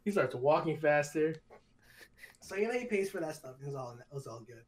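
A young man spins a story for his podcast co-hosts, his pitch leaping around as he acts out what people said. The talk is loose and casual. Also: moderate pace. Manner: animated storyteller, acts out quotes in high voice. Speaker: podcast co-host.

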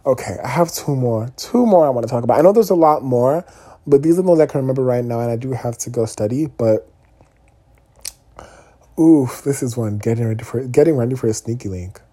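A young man talking casually to his viewers, candid and animated, often checking in with "okay?" asides. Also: mid-range voice, brisk, husky. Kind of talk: casual vlog monologue.

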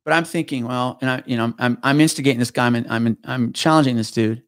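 Profane retired cop telling a story. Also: male voice, medium pitch, quick pace, no room sound, studio quality. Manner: profane, animated retelling with many restarts. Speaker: guest, retired police officer. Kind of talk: casual podcast storytelling.

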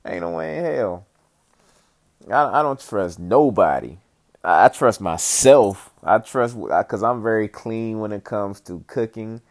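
A man's voice: fairly low pitch, lively intonation, measured pace. A man telling a rambling, profane, comedic story in casual chat, full of fillers and asides.

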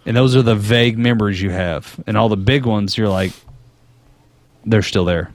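A man's voice: lowish voice, normal speed, dry recording. A man co-hosting a casual podcast chat, joking, laughing often and laying out his theories. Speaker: podcast co-host.

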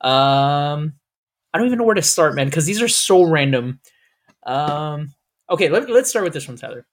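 Guy cohosting a podcast, rattles on fast like an auctioneer, swears a lot, kinda high voice. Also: sing-song. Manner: fast-talking, swears, laughs often. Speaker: podcast co-host. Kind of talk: casual podcast chat.

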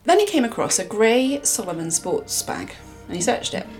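A woman from England telling a true crime case in a casual chat, with dramatic pauses. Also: a little high, big pitch swings, a little mellow, faint music behind.

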